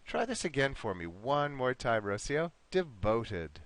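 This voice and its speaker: A man's voice: mid-range voice, huge pitch swings, normal speed, fairly bright tone. A man teaching an online English lesson, patiently encouraging his students and modeling pronunciation word by word.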